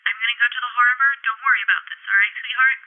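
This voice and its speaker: A woman's voice: on the high side, steady tone, very fast, faint music behind, lightly acted. A woman voicing a fatherly male vampire surgeon, reassuring and protective, calling her sweetheart over a tinny phone line.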